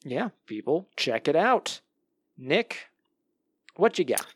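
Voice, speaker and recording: A man's voice: fairly high pitch, big pitch swings, takes it slowly, breathy edge, dry recording. A man hosting a podcast in casual chat, upbeat and joking with his guests. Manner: jokey and upbeat. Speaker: podcast host.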